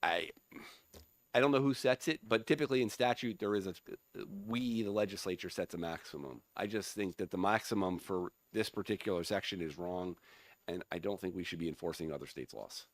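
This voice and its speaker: Low-voiced man testifying, losing his voice. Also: no echo. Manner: halting, restarts often. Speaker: legislator testifying. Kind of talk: committee testimony. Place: legislative hearing room.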